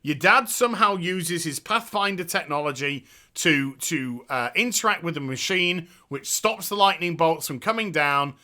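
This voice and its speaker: Exasperated male game reviewer, high voice, very bright and cutting, sarcastic and foul-mouthed. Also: normal speed.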